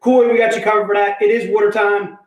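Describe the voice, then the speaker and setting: A man hosting a live comic book sale, pitching deals in energetic, repetitive, joking hype talk. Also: quick pace. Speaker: host selling comic books. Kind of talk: live online sales pitch. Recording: echoey room.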